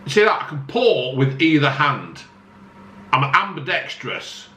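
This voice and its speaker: A man reviews a beer to camera in a blunt, foul-mouthed, jokey way, tossing in self-mocking asides. His bright, fairly high voice is very animated and swings up and down a lot at a measured pace. The echoey room adds faint ambience and a little hiss or hum.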